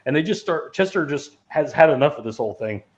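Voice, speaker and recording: Speaking fast and expressively in a fairly high-pitched voice, a man hosts a podcast where he rambles about movies casually and profanely. He laughs often and his talk is packed with fillers and restarts. The recording has a dull lo-fi quality.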